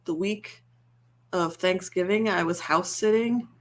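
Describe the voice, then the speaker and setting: A young woman chatting casually and rambling a little, soft-spoken and quick to laugh. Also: on the low side, a little hiss or hum. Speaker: ASMR channel host. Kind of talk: casual chat on a livestream.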